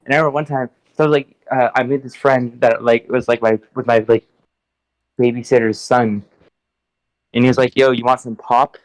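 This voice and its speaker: A man's voice: medium pitch, level tone, brisk, no room sound, poor audio. An American man chatting casually, telling stories and teasing, often swearing. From United States. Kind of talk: casual chat.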